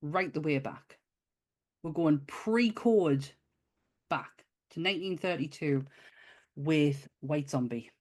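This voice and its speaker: A woman co-hosting a podcast in a casual chat, lively and quick to laugh. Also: low voice. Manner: lively, laughs often, exclaims. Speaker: podcast co-host.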